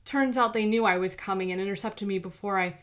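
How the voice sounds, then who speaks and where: A woman's voice: mid-range voice, fast talker, fairly bright tone, close to an everyday voice. A woman voicing a frightened young man who apologizes in a hurry. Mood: apologetic.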